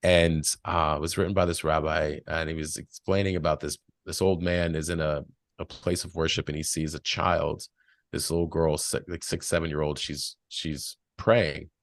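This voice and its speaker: Low-voiced man, reflective and dry. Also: level tone, normal speed, dry recording. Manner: reflective, tells stories with acted quotes. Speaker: podcast guest. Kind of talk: casual spiritual talk.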